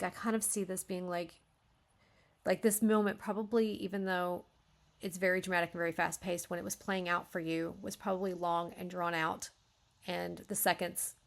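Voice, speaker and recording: A woman's voice: fairly low pitch, vocal fry. A woman beta reader giving a spoken critique of a manuscript. She thinks aloud, often stops and restarts, and acts out lines to show where the emphasis should fall.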